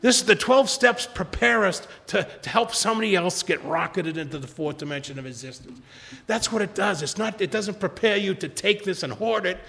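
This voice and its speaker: A man's voice: high-pitched, expressive, a little fast, creaky, fairly bright tone, in a large hall. An older man speaking at a recovery retreat, rambling and repeating himself, acting out quotes from others.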